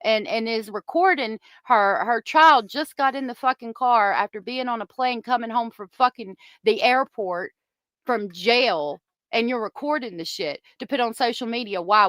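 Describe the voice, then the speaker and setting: A woman hosting a heated commentary channel stream rants angrily and swears at viewers into a close desk microphone. Her voice is a little high and a bit bright, at normal speed, with no echo.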